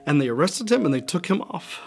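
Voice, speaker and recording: A remorseful, impulsive fisherman disciple, played by a man in a staged church monologue, with a fairly high voice. He speaks haltingly and confessionally, then swells into shouts. Clear music plays under him throughout. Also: very animated. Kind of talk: dramatic monologue over music.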